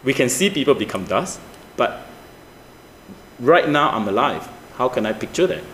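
A man's voice: mid-range voice, sing-song, normal speed, a bit bright, reverberant, slight background noise. A man preaching a sermon, asking the listeners questions, with slightly non-native grammar. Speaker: pastor.

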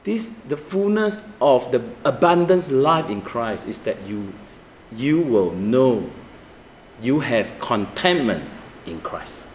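A male pastor, preaching with animated swings from high emphatic peaks to low asides, asking the congregation rhetorical questions. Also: slow, a little hiss or hum. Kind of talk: sermon. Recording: echoey church room with faint ambience.

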